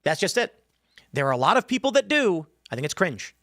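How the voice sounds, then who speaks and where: A man with a bright, fairly high voice hosts a live stream in a loose, rambling chat. He reads comments from viewers aloud and slips into mock voices for quick asides. The sound is dry and close. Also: sing-song, dry recording. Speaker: live show host. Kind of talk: casual livestream chat.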